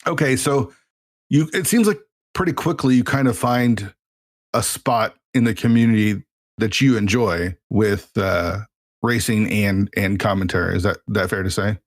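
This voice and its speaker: A man's voice: on the low side, normal speed, no room sound, studio quality. A man hosting a podcast interview, asking questions and offering encouraging affirmations in casual chat. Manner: encouraging, frequent backchannel affirmations. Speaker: podcast host.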